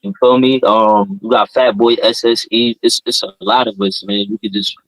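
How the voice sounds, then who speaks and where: A man's voice: medium pitch, expressive, moderate pace, gravelly, no room sound, low-quality recording. A man from New Jersey with a Jersey accent, a guest rapper in a casual podcast interview, talking with confident hype and slang. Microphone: video call.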